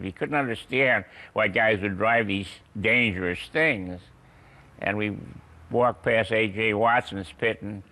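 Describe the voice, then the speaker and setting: Gravelly older man telling stories. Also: lowish voice, sharp tone. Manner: anecdotal, chuckling, hesitant with uhs. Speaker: guest. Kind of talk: storytelling interview.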